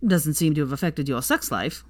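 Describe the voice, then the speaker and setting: A woman's voice: sits low, lively intonation, fairly quick, no echo. A woman voicing an irreverent, teasing young wizard in a fan-fiction audiobook, dry and wry.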